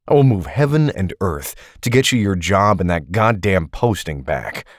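Brief: low-pitched man playing a tired, defensive ex-agent, snappish, animated delivery. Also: moderate pace, no room sound, clean studio sound. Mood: heated, defensive.

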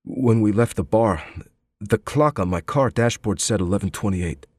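A man's voice: on the low side, normal speed, a little mellow, no echo, studio quality, voice pushed up, lightly acted. A man reading an audiobook, voicing a defensive young man who gives terse, hesitant answers under questioning. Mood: guarded. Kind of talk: audiobook character voice.

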